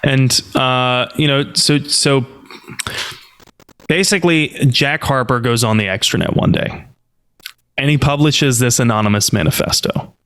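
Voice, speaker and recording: A man co-hosting a casual podcast, explaining lore as a relaxed storyteller with dry humor. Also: medium pitch, a little slow, clear, resonant tone. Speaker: podcast co-host.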